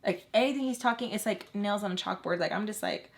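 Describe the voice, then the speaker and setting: A young woman vlogger telling a storytime in a lively, slangy way, swearing and saying "like" often. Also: medium pitch, quick pace. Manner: animated, slangy, swears, heavy "like". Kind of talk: casual storytime.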